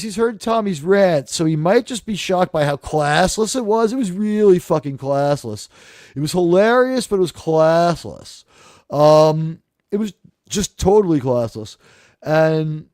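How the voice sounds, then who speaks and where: A man's voice: high-pitched, darkish tone, no room sound, studio quality. A man hosting a live talk show, rambling through casual, sarcastic, profane commentary.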